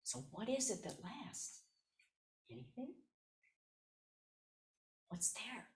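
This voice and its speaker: Slow-spoken Zen teacher woman in her seventies. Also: on the high side, very animated, a little mellow, a little hiss or hum. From South Side of Chicago, USA. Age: 70s. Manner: unhurried personal storytelling, repeats key phrases. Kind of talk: dharma talk.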